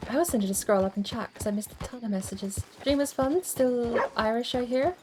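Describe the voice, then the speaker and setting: Crisp, over-enunciating woman streamer. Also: a little high, a little fast, over music. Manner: chatty, thinks aloud while fiddling with settings. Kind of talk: casual game-stream chat.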